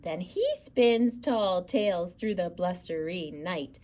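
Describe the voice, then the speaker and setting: A woman's voice: on the low side, slow, few pauses, darkish tone, slight background noise. A woman reading a rhyming children's picture book aloud in a theatrical, sing-song way. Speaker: storyteller.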